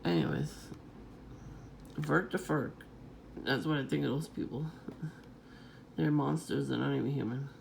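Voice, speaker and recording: In an unhurried, loose monologue, a vlogger talks with a deeply gravelly voice and constant fry at a middling pitch, with a steady, darkish tone and frequent pauses. The content is scattered and profane, dotted with chuckles. A little hiss or hum is audible.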